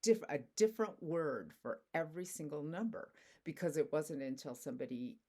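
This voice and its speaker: A woman teaches in a relaxed, conversational way, with casual fillers between thoughts. Her voice sits notably low for a woman. She explains ideas through simple stories. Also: brisk. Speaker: spiritual teacher.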